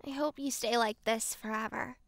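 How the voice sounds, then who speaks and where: A woman's voice: a little high, fairly even intonation, moderate pace, dry recording, lightly acted. A woman voicing a teasing, tender motherly young woman in a fan game dub, cooing playfully.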